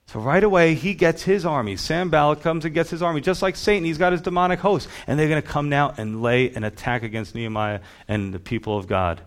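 A man's voice: a little high, fairly quick, few pauses. A man preaching a sermon as a pastor, emphatic, with rhythmic lists.

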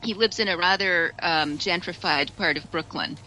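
A woman from the United States talks on a radio discussion show. Her voice is bright and fairly low-pitched. She chats loosely, with many restarts, and laughs often. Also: moderate pace, slight background noise, poor audio. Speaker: radio guest commentator.

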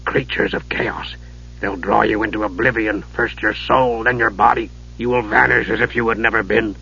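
A man voicing a worried old male dwarf with a deep, grim voice, giving dread-filled warnings. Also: normal speed, pushed and bright, husky, full character voice. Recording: dull lo-fi audio.

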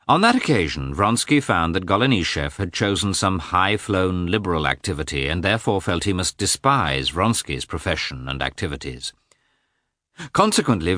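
A man giving an expressive, measured reading of a classic novel as an audiobook narrator. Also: low-pitched, no room sound, clean studio sound.

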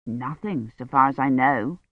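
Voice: mid-range voice, unhurried, dry recording, narrow, tinny audio, voice pushed down. A reader voicing a tired, grey-haired woman doctor who speaks in clipped, worried phrases. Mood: weary.

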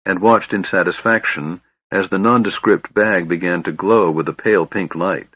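A man reads fantasy narration in a steady, measured way. His voice sits low and slightly husky. The recording is dry and dull, with a muffled lo-fi quality. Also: no echo. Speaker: audiobook narrator. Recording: dull, lo-fi sound.

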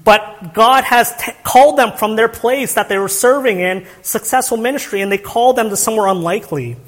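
A man's voice: high-pitched, a little fast, in a large hall. A young man preaching a sermon, earnest, with rhetorical questions and frequent restarts. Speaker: pastor.

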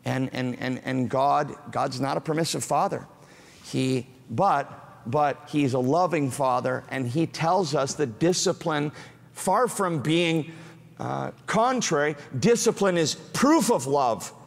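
Male pastor, gravelly and fairly high, emphatic sermon delivery with playful asides, reverberant hall. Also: slow pace. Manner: emphatic, rising to fervent proclaiming. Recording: preaching in a large reverberant hall.

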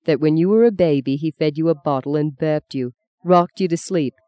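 A woman voicing a gentle young man headed for the seminary, who teases with calm good humour in a storybook reading. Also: low-pitched, moderate pace, natural voice. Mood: teasing.

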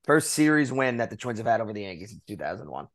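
A man's voice: lowish voice, sing-song, fast talker, a bit bright. Casual male baseball podcast host. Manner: conversational, reads notes with fillers. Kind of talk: casual sports chat.

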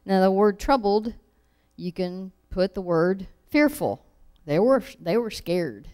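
A woman teaching a Bible lesson, reading verses aloud and acting out the quoted lines with animated emphasis. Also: mid-range voice, takes it slowly. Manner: animated, acts out scripture quotes.

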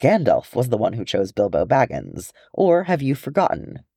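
Man putting on a dwarf mother, soothing, earnest, swooping pitch, storybook reading. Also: huge pitch swings, normal speed, vocal fry, mellow, slightly rough, dry recording, studio quality, full character voice. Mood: tender. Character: tender dwarf mother comforting her grown son.

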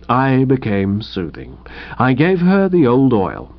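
A man narrating a comic first-person audiobook in a brisk, chatty way. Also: medium pitch, wildly swooping pitch, dry recording, lo-fi sound.

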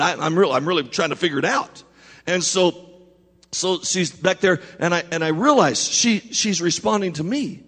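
Animated preacher man in a reverberant hall. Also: sits high, slightly rough. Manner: animated, repetitive restarts, addresses congregation. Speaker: pastor. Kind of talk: sermon storytelling. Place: church.

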